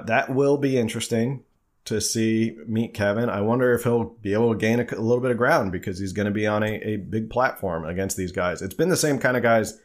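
A man with a fairly low voice hosts a casual live stream and answers viewers' questions as they come in. He talks loosely and conversationally, full of fillers and restarts. He grew up in New Jersey. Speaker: livestream host.

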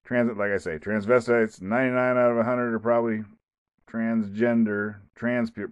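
A man's voice: mid-range voice, fairly even intonation, brisk, smooth, dry recording, lo-fi sound. A man hosting his own podcast, talking alone in a rambling, casual way with many restarts and asides. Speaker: podcast host. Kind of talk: casual solo podcast monologue.

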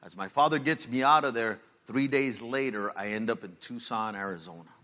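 A man, a pastor, giving a sermon testimony in casual street slang, building up to loud, emotional peaks. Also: mid-range voice, moderate pace. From Los Angeles, USA.

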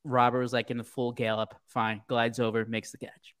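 A podcast co-host in casual sports chat, lively, acting out what players might say. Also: moderate pace, noisy background. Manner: animated, acts out players with high put-on voices.

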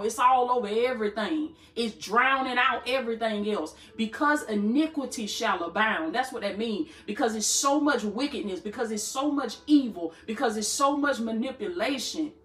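Barely pausing, a woman with a somewhat high, slightly bright voice preaches at a moderate pace in a reverberant room. As a preacher and podcast host leading a live-streamed sermon, she speaks fervently and rhythmically, repeating phrases and addressing listeners as "baby."

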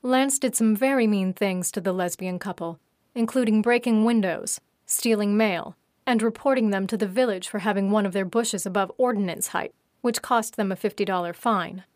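A woman narrating her own story in a steady, even reading voice. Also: mid-range voice, moderate pace, dry recording, clean studio sound. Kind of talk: audiobook narration.

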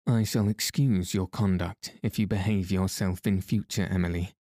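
A man's voice: sits low, steady tone, normal speed, dark tone, dry recording, clean studio sound, natural voice. A man reading a prim, resentful schoolteacher's lines in a cold, formal tone.

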